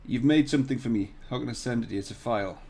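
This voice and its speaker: A man hosts a casual live tutorial stream from a hotel room. He chats and jokes with his viewers and swears freely. His voice sits at a middling pitch, picked up by a desk mic with no pop filter. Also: very fast, darkish tone, breathy edge. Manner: chatty, jokey, swears casually, talks to viewers. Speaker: CAD tutorial livestream host. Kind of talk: casual livestream chat. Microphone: desk mic without shock mount or pop filter.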